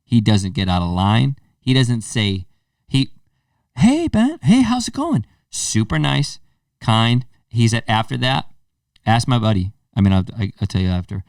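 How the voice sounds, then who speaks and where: Man in his thirties, low voice, casual podcast host, animated storytelling, dry room, a bit off mic. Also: moderate pace, gravelly, clean tone, no echo, far from the mic. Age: 30s. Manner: animated storyteller, acts out quotes.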